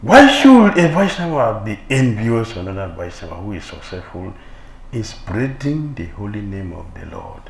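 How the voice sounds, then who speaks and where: A man preaching a scripture sermon as a swami fires rhetorical questions and mocks envy with a laugh. His lowish, creaky voice swings widely in pitch at normal speed, recorded in an echoey hall with faint ambience.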